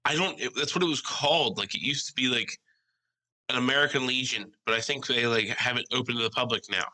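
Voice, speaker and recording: A young man co-hosting a casual podcast, telling animated stories, swearing freely and mimicking other people's voices. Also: medium pitch, a little fast, poor audio. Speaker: podcast co-host.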